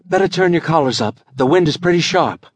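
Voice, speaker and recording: A man voicing a dashing, confident young scientist in an audiobook, brisk, reassuring and commanding. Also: fairly high pitch, lively intonation, dry recording, pitched above the performer's own voice. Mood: assured.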